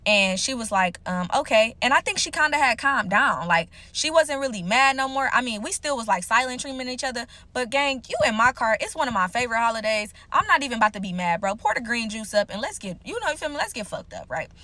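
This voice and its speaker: A young woman telling a casual storytime to her viewers, animated and slangy, with frequent profanity. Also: a little high, fast, hardly any pauses, no room sound.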